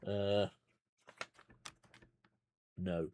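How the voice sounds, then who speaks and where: A man's voice: sits low, level tone, very slow, dark tone. A man playing through a gamebook on a livestream, chatty and rambling with side remarks and chuckles. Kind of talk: casual livestream gamebook playthrough.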